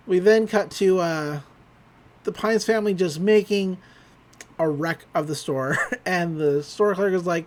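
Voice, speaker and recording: A man's voice: a little high, unhurried. A man hosting a podcast, casually recapping an episode and laughing often. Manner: laughs often, chatty with fillers. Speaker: podcast host.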